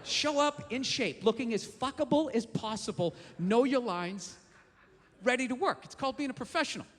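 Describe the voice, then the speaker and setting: A man doing a stand-up comedy rant, profane and bursting into shouts. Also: extremely high pitch, lively intonation, normal speed, in a large hall, a little hiss or hum.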